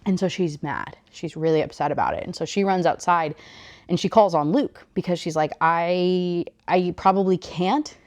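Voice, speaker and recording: A young woman talking through a novel's plot in a loose, chatty way, full of fillers and blunt asides. Her voice sits slightly low for a woman. It sounds like an unscripted book review. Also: animated, brisk, a little mellow, no room sound. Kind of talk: casual book review chat.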